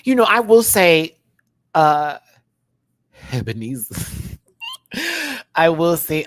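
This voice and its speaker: A man hosting a live-stream review rant, sassy and animated. His pitch swings widely from low mutters to high exclamations, and his voice has a bright, sharp edge. He laughs easily between points. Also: slow, pauses often, no echo. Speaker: drag show reviewer and channel host.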